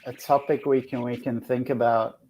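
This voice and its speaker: A man's voice: medium pitch, level tone, normal speed, a little mellow, slight background noise. A man hosting a casual spiritual chat, talking in a reflective, earnest way with many restarts. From outside the United States. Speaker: host.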